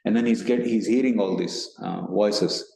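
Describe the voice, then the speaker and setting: A man with an Indian accent co-hosts a meditation podcast, explaining ideas casually in a rambling spiritual discussion, often restarting and acting out inner voices. His fairly low, mellow voice has vocal fry at a moderate pace. The online meeting recording is reverberant and poor.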